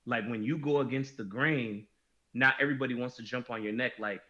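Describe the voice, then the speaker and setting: A man's voice: medium pitch, brisk, bright, forceful tone. Emphatic man on a dull, lo-fi podcast. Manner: emphatic, restarts sentences often. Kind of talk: casual podcast discussion.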